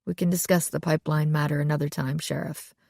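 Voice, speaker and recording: A woman's voice: low-pitched, flat delivery, creaky, darkish tone, dry recording, studio quality. A woman voicing a polite, restrained male resort manager. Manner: restrained, measured.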